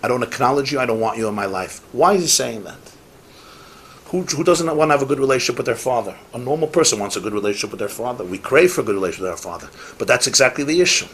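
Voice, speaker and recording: A man's voice: medium pitch, animated, fast, a bit bright, slight background noise. A rabbi giving a Torah class, emphatic and repeating his key phrases, with Yiddish and Hebrew words mixed in.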